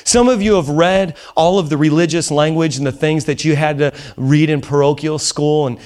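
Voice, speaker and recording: A man preaching a sermon in a church, impassioned, dropping to a hush and rising to near shouts. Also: a little high, fairly even intonation, moderate pace. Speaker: pastor. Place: church auditorium.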